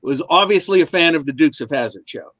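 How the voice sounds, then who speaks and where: Calm, explaining man on a dry mic. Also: a little high, fairly quick, no echo. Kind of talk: casual chat.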